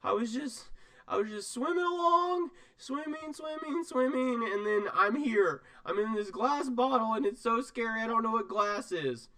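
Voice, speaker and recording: A man voicing a tiny, frightened baby squid that speaks in a high, breathless whimper. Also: expressive, moderate pace, sharp tone, full character voice.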